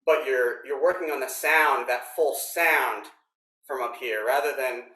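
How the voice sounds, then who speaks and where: A man teaching snare drum technique in a workshop, explaining step by step in a relaxed way with frequent ums. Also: mid-range voice, unhurried, recorded from a distance. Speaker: drum instructor. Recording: roomy echo.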